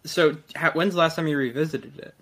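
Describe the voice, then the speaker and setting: A man's voice: fairly high pitch, fairly quick, a bit bright. Male podcast host asking questions. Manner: reassuring, asks questions. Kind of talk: casual podcast interview.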